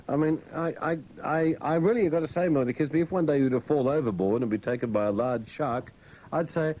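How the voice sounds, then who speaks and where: A sardonic male talk radio host with a mellow voice, rising and falling a lot as he mocks and rants. The sound is a dull lo-fi radio broadcast with faint hiss. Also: fairly high pitch, animated, a little fast. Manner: sardonic, mocking, with put-on silly voices.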